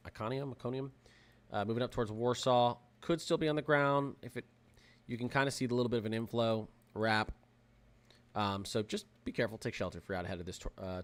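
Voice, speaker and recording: A young man hosting a live weather stream, talking in an excitable, rambling way with lots of fillers and restarts. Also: on the low side, fairly quick. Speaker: weather livestream host. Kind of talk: casual livestream commentary.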